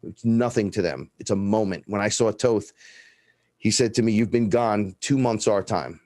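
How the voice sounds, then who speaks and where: A guest with a fairly low voice talks at a moderate pace in a clean studio recording with no room sound. Chatting casually and profanely, he tells animated stories and acts out the dialogue within them.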